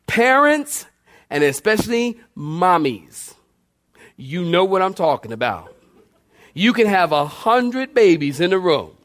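High-pitched preacher guy, repeats lines for effect, asks the crowd for amens. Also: very animated, unhurried, fairly bright tone. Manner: preaching with call-and-response, sweeping pitch swings; builds points by repetition. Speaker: pastor. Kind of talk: sermon.

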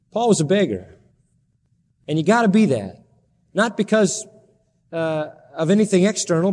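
A high-pitched man preaches with fervent, pleading intensity, his voice leaping up at the peaks of each point. His words ring out with a long reverb, as in a large hall. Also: darkish tone. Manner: impassioned, pleading preaching with sudden rises in pitch. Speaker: pastor. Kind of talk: sermon.

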